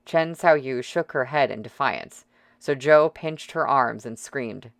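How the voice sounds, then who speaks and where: A man reading a novel aloud as audiobook narrator, steady and dramatic. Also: medium pitch, unhurried, no echo, clean studio sound.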